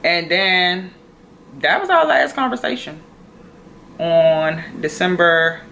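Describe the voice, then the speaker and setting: A woman, telling a personal story to her phone camera in an animated, chatty way. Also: on the low side, takes it slowly, gravelly, a little hiss or hum. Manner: chatty, animated, addresses viewers as y'all. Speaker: vlogger.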